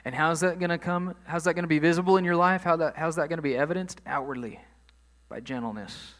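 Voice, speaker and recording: A man's voice: fairly high pitch, fast talker, fairly bright tone. A man preaching a sermon in a conversational way, leaning hard on key phrases. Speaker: pastor.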